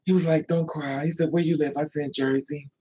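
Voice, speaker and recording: A woman's voice: low-pitched, fairly even intonation, brisk, a little mellow, slightly rough, poor audio. A woman telling stories in a loose, chatty way, stopping to answer viewers by name. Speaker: livestream host. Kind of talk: casual storytelling chat.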